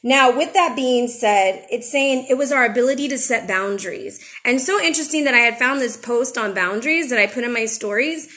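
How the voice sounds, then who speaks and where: Woman, tarot reader, casual spiritual chat, frank and chatty, slightly higher voice. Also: fairly quick, few pauses, sharp tone. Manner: chatty, emotional, frank with occasional swearing. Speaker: tarot reader and channel host.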